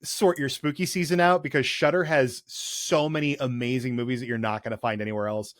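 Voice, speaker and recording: A man's voice: medium pitch, fairly even intonation, a little fast, fairly bright tone, no echo, studio quality. A man hosting a podcast in casual chat, jokey and enthusiastic, with loose, rambling sentences. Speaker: podcast host.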